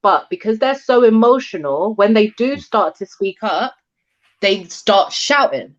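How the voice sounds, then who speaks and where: A woman's voice: medium pitch, lively intonation, measured pace. Woman, panel guest, frank and emphatic, muffled lo-fi sound. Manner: frank, emphatic, uses street slang. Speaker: panelist and advocate. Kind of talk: casual panel discussion.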